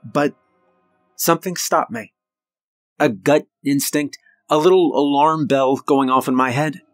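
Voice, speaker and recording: A man narrating a scripted horror story in the first person, with measured, suspenseful delivery and dramatic pauses. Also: on the high side, dry recording, soft background music.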